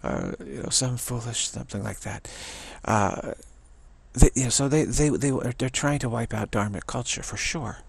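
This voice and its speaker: A man in his sixties gives a rambling spiritual talk, with a gravelly, husky voice. He halts often, repeating words and restarting his sentences as he teaches. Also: mid-range voice, moderate pace, dry recording. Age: 60s.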